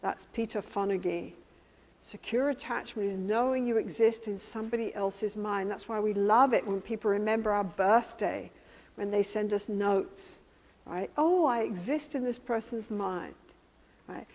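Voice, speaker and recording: A woman presenting to a workshop audience, speaking in an animated, emphatic way and acting out her examples. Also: medium pitch, moderate pace. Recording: long reverb of a lecture hall.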